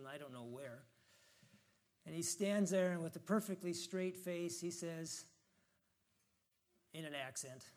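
High-voiced man preaching casually. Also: a little mellow. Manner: reflective, conversational, reads scripture with rising emphasis. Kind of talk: informal sermon with scripture reading.

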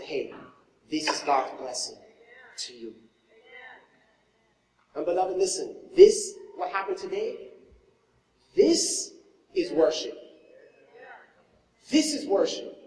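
A male pastor delivers an animated sermon, his voice jumping from big exclamations down to near-whispers as he tells a story. The sound is roomy with a long reverb tail, picked up from some distance away. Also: high-pitched. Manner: animated storytelling, swinging from loud to hushed. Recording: echoey hall, mic from far off.

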